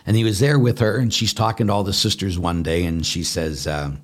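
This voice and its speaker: A male priest with a somewhat low voice talks through questions of faith in a warm-hearted, conversational way. He is earnest and animated, stacks repeated words for emphasis, and chuckles at his own failings. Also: a little fast. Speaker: Catholic priest. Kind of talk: conversational spiritual teaching answering questions.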